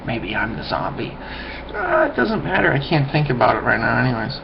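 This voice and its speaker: A man's voice: medium pitch, huge pitch swings, brisk, gravelly. A man rambling through a loose, profane webcam monologue, often trailing off and mumbling. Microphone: webcam mic. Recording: dull lo-fi webcam audio, faint hiss.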